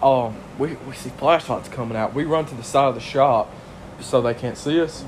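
Man, blunt profane storytelling, medium pitch, faint background hiss. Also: moderate pace. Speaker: podcast co-host. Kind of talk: casual storytelling.

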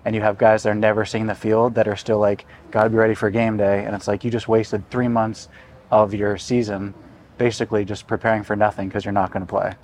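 A young man coaching on a casual podcast, talking in a relaxed way full of "like" fillers. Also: fairly low pitch, fairly quick, a little hiss or hum. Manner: relaxed, filler-heavy, lots of "like".

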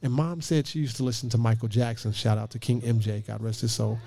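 A man in his late thirties, a pastor, telling a lively personal story with jokes and acted-out quotes. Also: mid-range voice, fast talker, creaky. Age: late 30s. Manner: lively, joking, acts out quoted voices.

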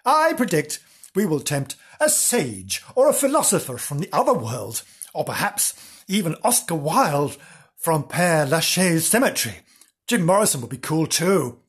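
Guy doing a snooty paris bookshop owner, pompous and affected, kinda husky and a bit high, storybook reading. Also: sing-song, normal speed, full character voice. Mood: grandiose. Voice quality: haughty, affected.

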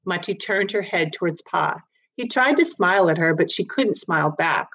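A woman reading a children's story aloud in an even, measured narration. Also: lowish voice, husky, rough recording.

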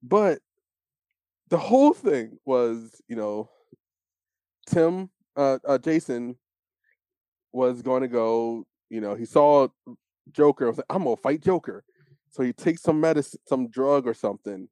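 Podcast co-host, male, casual storyteller; dark tone, swooping pitch, dry close sound. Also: a little slow, pauses often, clear, resonant tone, dry recording. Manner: animated storytelling, acts out quotes. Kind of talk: casual chat.

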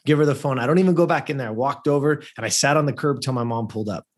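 A man's voice: mid-range voice, very fast. A man in his fifties from California, a podcast guest telling a personal story in an earnest, conversational way, often restarting phrases and asking "right?". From Lancaster, California. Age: 50s.

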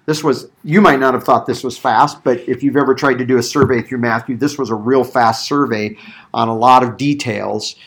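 A man teaching a Bible passage in a conversational sermon, animated and given to acting out quotes. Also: medium pitch, normal speed, slight background noise. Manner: animated, acts out quoted voices, thinks aloud with restarts. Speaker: pastor teaching a Bible study.

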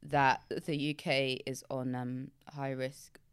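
A young woman co-hosting a podcast in casual chat, measured and keeping the talk on track. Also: rumbling low, level tone, smooth, no echo, studio quality. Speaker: podcast co-host.

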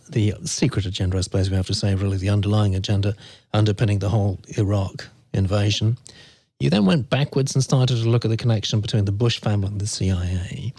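Male podcast host, lowish voice, long framing questions, dry sound. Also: mellow, no room sound. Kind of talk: interview questions.

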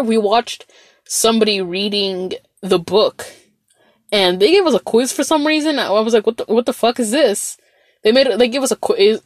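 A woman's voice: mid-range voice, no room sound. Young woman, casual vlog storytelling, rambling, profane, dry close sound. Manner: rambling, profane, animated storytelling with many fillers.

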